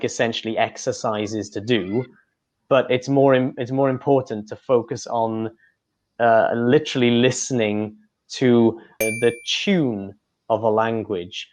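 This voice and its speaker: The recording is dull and lo-fi, carrying a man's medium-pitched, darkish voice. As an English tutor fielding interview questions, he explains things at length, frequently using fillers and breaking off to restart.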